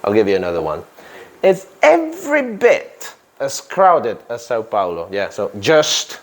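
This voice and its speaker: Male teacher, classroom lesson, deliberate delivery with punchy stressed words, animated pitch. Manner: slow, deliberate, stresses key words, quizzes students. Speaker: English teacher.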